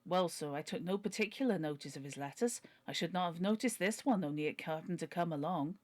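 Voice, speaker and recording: A woman's voice: on the low side, brisk, natural voice. A woman voicing a humble, pleading older male butler while reading a novel aloud. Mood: earnest. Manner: earnest, deferential, begging.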